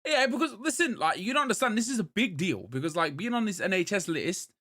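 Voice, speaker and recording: Brief: British male co-host, 30s, animated chatty storyteller, slightly high voice with wide swings. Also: fast talker. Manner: animated storyteller, swings between loud and muttered. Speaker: podcast co-host. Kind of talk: casual chat.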